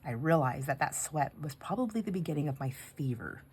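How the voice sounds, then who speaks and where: A woman's voice: low voice, lively intonation, brisk, noisy background. A woman chatting casually while decorating pages, telling a rambling story with asides about her crafting. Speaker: craft vlogger.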